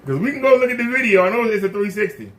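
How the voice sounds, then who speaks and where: A YouTube host rants indignantly to the camera in a casual, fired-up way, firing off one rhetorical question after another. His voice is high and a bit bright, swinging widely in pitch as he talks very fast.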